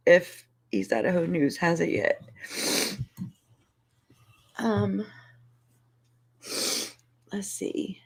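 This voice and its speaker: A woman hosting a casual livestream, rambling and restarting her sentences, laughing between phrases, emotional and close to tears. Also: on the low side. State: tearful, emotional. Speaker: YouTube channel host.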